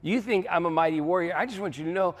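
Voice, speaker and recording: A man's voice: a little high, expressive, moderate pace, fairly bright tone, long reverb tail, pitched above the performer's own voice. A man voicing a timid young male farmer who protests that he is too weak for the task, with an anxious, self-deprecating manner.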